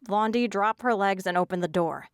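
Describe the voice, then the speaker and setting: A woman's voice: medium pitch, normal speed, smooth, no room sound, studio quality, close to an everyday voice. A woman voicing a cold, bossy teenage bully with a sneering, commanding manner.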